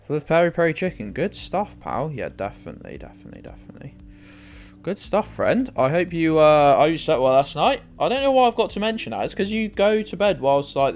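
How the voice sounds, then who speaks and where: A young British man live-streaming a game, rambling and joking with viewers and swearing freely. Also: fairly high pitch. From United Kingdom. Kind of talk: casual live-stream chat while playing. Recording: faint music in the background.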